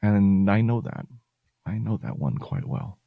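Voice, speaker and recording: A man's voice: fairly low pitch, big pitch swings, measured pace, creaky, no echo, phone-quality sound. A male podcast host talking earnestly and reassuringly to his listeners, at times getting emotional. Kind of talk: heartfelt personal talk to listeners.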